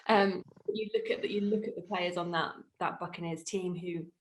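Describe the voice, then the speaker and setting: A woman with a somewhat low voice co-hosts a relaxed sports podcast. She talks in a chatty, loose way, pausing on fillers and restarting her thoughts. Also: low-quality recording. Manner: chatty, many fillers and restarts, laughs easily. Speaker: podcast co-host. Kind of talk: casual sports chat.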